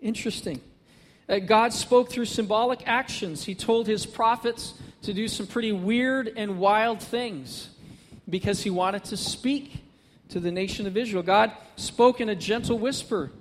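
High-voiced male pastor in a reverberant hall. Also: a little slow, slight background noise. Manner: earnest, builds to emphatic repetition. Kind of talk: sermon.

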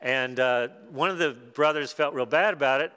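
Male preacher, casual storytelling sermon, crisp resonant voice carrying through a reverberant hall. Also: medium pitch, moderate pace, pushed and bright. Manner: conversational and folksy, with acted quotes and asides. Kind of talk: sermon, retelling a Bible story.

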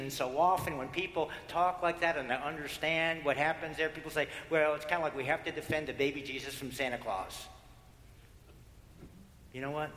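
A male pastor preaching a sermon, building through repeated phrases and dropping to hushed prayer. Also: medium pitch, slight background noise. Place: church sanctuary. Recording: echoey hall with long reverb.

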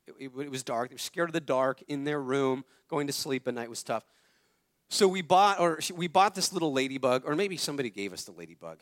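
Animated and a little fast, a mid-range male voice belongs to a pastor in his thirties giving a conversational sermon. He shares stories about his family and leans on repeated phrases to drive points home.

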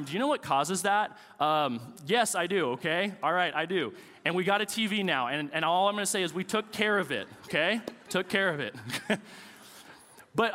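A man's voice: high-pitched, bright, forceful tone, big-room sound. A man in his thirties, a pastor preaching a sermon with casual, joking stories about family life.

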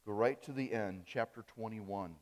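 A man from Wisconsin preaching a sermon as pastor, rising on key phrases and dropping soft at the ends of lines. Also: lowish voice, moderate pace. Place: church sanctuary. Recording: reverberant church hall.

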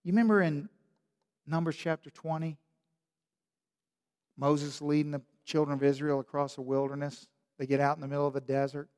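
A man preaching a sermon, telling a story in an animated, emphatic way. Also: a little high, smooth, in a large hall. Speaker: pastor.

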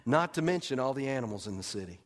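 A man voicing God as patient and loving, speaking slowly, softly and tenderly. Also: mid-range voice, expressive, lightly acted. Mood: gentle.

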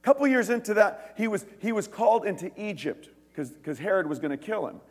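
A man preaching a sermon in a conversational, animated way, with asides and jokes between scripture readings. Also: high voice, fairly quick, husky. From United States. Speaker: pastor. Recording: echoey hall.

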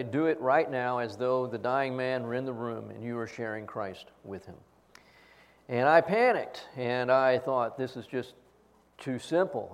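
A man pastor preaching an earnest Easter-style sermon, telling a personal story and acting out its quotes. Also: medium pitch.

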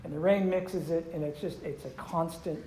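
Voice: medium pitch, steady tone, normal speed, warm tone. A pastor giving a conversational sermon who tells stories and asks the audience questions. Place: room with a live audience. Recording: roomy echo with faint background noise.

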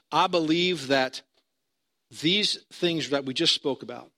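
A man's voice: fairly high pitch, pushed and bright. A male pastor preaching a sermon in a conversational storytelling manner, building to emphatic points.

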